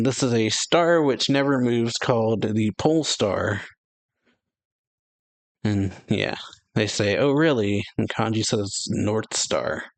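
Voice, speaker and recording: A man casually reading through a manga chapter, reciting character lines with light emphasis and frequent fillers. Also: medium pitch. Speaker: manga reaction host.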